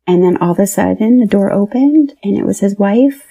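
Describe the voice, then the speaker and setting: A woman's voice: mid-range voice, brisk, gravelly, few pauses, dark tone. A woman in her thirties from Pennsylvania, telling her personal story as a podcast guest and acting out the dialogue as she retells it. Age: 30s.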